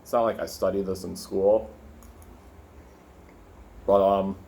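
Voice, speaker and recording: Young male vlogger, lowish voice, loose profane rambling with food in hand, casual bedroom chat. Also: flat delivery, slow pace, creaky, dark tone. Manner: rambling, profane, filler-heavy, talking while eating. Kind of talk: casual food vlog with rant. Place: his room indoors.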